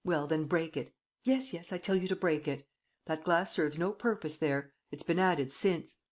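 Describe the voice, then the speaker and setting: A woman reading an audiobook, voicing a suave, teasing male gentleman thief who gives brisk commands. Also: deep voice. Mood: triumphant.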